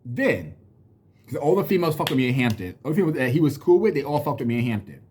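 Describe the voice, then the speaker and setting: There's slight background noise as a very animated vlogger in his thirties fires off a personal story at rapid speed, his medium-pitched voice darkish in tone. He rants to camera bluntly and profanely, venting and mocking others in quoted voices.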